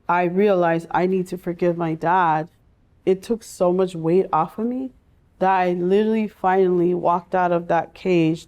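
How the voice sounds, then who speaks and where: A woman in her forties telling her personal story in an interview, speaking earnestly and from the heart, with pauses and restarts. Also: on the low side, warm tone, muffled recording. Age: 40s. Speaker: guest sharing her life story.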